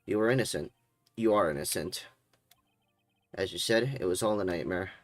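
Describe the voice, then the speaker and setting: A man's voice: sits low, normal speed, no room sound, natural voice. A man doing a solemn old judge. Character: older male courtroom judge, formal.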